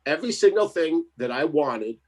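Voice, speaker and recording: A man's voice: a little high, expressive, moderate pace, slightly rough. A man telling a story in casual chat, laughing often and acting out the other voices in it. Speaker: co-host.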